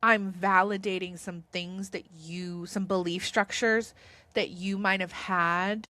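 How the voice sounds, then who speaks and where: A woman's voice: fairly low pitch, fairly even intonation, takes it slowly, bright, forceful tone, dry recording, studio quality. A woman vlogger talking to camera about spirituality in an earnest, reassuring, rambling way. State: tearful. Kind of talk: casual spiritual talk to camera.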